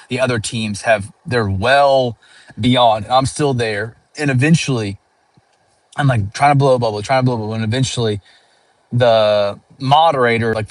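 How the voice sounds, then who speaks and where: A man's voice: medium pitch, no room sound. A sleep-deprived comedian chatting casually as he drives, rambling with lots of fillers and restarts. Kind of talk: casual chat while driving. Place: in a car.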